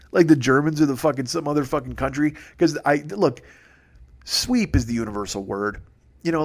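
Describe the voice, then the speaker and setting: A man in his forties hosting a solo comedy podcast, rambling and profane, often laughing at his own jokes. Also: a little high. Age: 40s. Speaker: comedian host.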